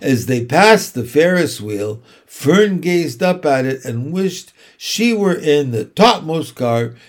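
A man reading a children's book aloud, narrating slowly and deliberately. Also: a little high, sing-song. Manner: slow, deliberate storytelling.

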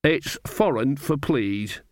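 A man's voice: mid-range voice, expressive, slow, dry recording, studio quality. A man voicing a cheerful, earthy old witch woman who talks boldly and mangles foreign phrases. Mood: gleeful.

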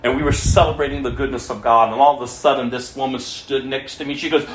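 A man preaching his testimony as a story, swinging between loud stretches and hushed ones. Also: medium pitch, fairly quick, few pauses. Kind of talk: sermon testimony. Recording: echoey room, mic far off, faint noise.

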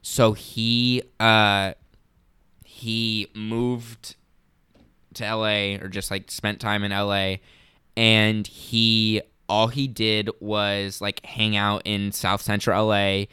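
A young man co-hosting a podcast, telling stories in an excited, rambling way full of "like". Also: lowish voice, slow, clean tone, dry recording. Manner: excited, rambling storyteller with many "like"s. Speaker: podcast co-host. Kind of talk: casual chat.

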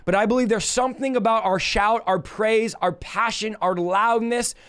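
A young man preaching on a livestream, energetic and emphatic, reading scripture and exhorting his viewers. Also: sits high, moderate pace, clean tone. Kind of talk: livestream Bible teaching.

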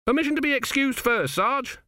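A man's voice: very high-pitched, expressive, fairly quick, sharp tone, no room sound, clean studio sound, voice pushed up, full character voice. A man doing a jittery young recruit. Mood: pleading. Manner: anxious, pleading. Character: nervous young male army recruit.

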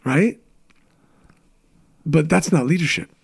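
A man in his thirties with a gravelly, slightly raised voice tells candid stories from his life in a relaxed interview chat. He talks with quick asides and restarts as the story pours out. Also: fairly high pitch. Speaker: guest, business coach.

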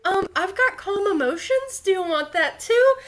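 A woman voicing a gentle, apologetic healer. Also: very high-pitched, lively intonation, normal speed, pitched above the performer's own voice.

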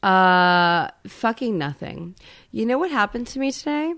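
A woman's voice: mid-range voice, lively intonation, a little slow, a bit bright. A woman co-hosting a podcast in casual chat, blunt and swearing freely. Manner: blunt, swears a lot, mock-angry. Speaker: podcast co-host.

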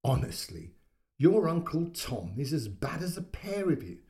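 A man voicing a mother who speaks fondly and with gentle amusement in a story reading. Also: a little high, big pitch swings, unhurried. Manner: fond, gently teasing.

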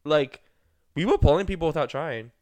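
Rambling young man, smooth voice. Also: a little high, moderate pace, dry recording. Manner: rambling, filler-heavy storytelling with many 'like's; animated, acts out quoted people. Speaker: podcast co-host. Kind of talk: casual chat.

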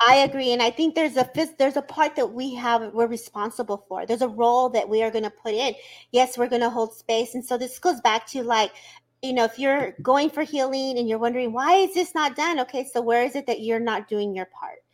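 Woman with a high voice, upbeat and encouraging co-host of a healing chat. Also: a little fast. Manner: animated and encouraging, warm spiritual talk. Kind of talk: casual spiritual chat.

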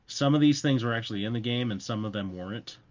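A man's voice: medium pitch, quick pace, lo-fi sound, slight background noise. A young man chatting casually on a podcast, telling stories in a rambling, self-mocking way with plenty of fillers. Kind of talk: casual chat.

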